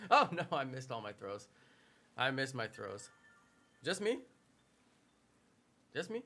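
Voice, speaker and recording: A man's voice: medium pitch, expressive, measured pace, fairly bright tone, slight background noise. A man in his thirties giving chatty, playful live-stream commentary while he plays a game and jokes with his viewers. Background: game music.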